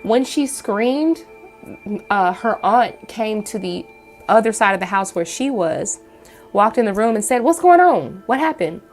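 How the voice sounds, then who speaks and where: A woman's voice: mid-range voice, a little slow, faint music behind. Chatty woman telling a spooky story. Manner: chatty, rambling, many fillers and restarts. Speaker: channel host. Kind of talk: casual storytelling to camera.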